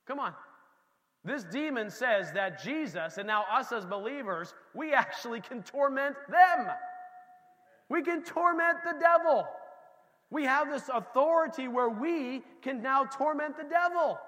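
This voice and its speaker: A man preaching a sermon in a church, swinging between loud emphasis and soft, quiet passages. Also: extremely high pitch, lively intonation, unhurried, long reverb tail. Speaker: pastor.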